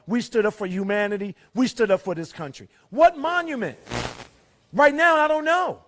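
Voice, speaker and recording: This middle-aged rally speaker, with a very high voice, speaks passionately at a fairgrounds event. He drives home rhetorical questions while alternating between loud and quiet delivery.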